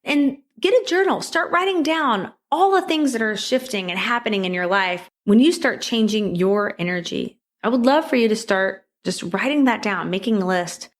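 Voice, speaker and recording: A woman's voice: on the high side, expressive, normal speed, hardly any pauses. Upbeat encouraging woman podcast host. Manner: upbeat and encouraging, rising emphasis; repetitive exhortations. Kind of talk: motivational solo podcast.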